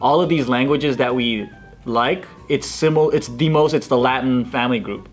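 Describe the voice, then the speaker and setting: A man's voice: medium pitch, moderate pace, faint music behind. A man joking around as a panelist in a casual group chat. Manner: jokey, animated.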